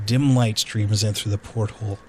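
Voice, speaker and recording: A man's voice: lowish voice, fairly even intonation, dark tone, slight background noise. A man narrating as game master of a tabletop game, often restarting and filling with ums. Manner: halting, restarts with fillers.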